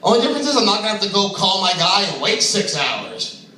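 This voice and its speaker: Brash, crude male open mic comic, high lively voice; far-off mic, very echoey room. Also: quick pace. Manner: crude, brash, laughs at his own jokes. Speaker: stand-up comedian. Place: comedy club stage.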